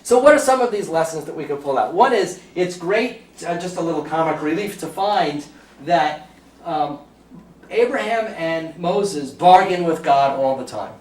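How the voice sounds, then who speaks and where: A man's voice: a little high, expressive, normal speed. Bronx-accented man lecturing in a roomy hall. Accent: New York (Bronx). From the Bronx, New York. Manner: chatty, jokey storyteller with audience asides. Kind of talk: talk to a live audience. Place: lecture room. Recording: roomy sound, from far off, faint background noise.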